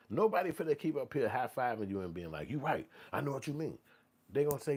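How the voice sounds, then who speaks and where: A man rants bluntly on his commentary show. His voice is low and husky, and he keeps slipping into exaggerated mocking voices to make his point. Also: fast. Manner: blunt, animated, swings into mocking quoted voices. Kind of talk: profane ranting commentary.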